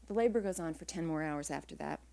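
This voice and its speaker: A woman author reading her own first-person prose aloud at a live literary reading, in a measured, quiet way. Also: low voice, creaky.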